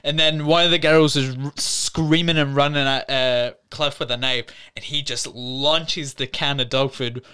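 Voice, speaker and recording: A man co-hosting a casual film review in a studio. He retells scenes in a lively way, with fillers and laughs. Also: medium pitch, a little slow, few pauses, clear, resonant tone. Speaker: podcast co-host.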